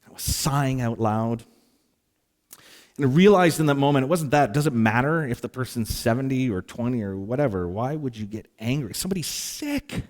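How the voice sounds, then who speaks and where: A man delivers a sermon as a pastor, weaving in a personal anecdote. His voice sits at an ordinary middle pitch, and he tells the story with animated, self-deprecating energy, complete with exasperated sighs. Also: brisk.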